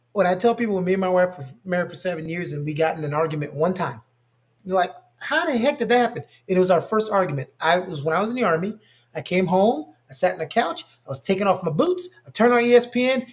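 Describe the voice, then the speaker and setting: A man chatting in a casual discussion, telling stories with animated asides. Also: sits high. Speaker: co-host.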